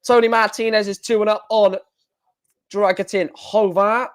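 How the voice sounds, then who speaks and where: An excitable man commentating live on a stream, shouting and repeating himself at big moments. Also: high voice, moderate pace.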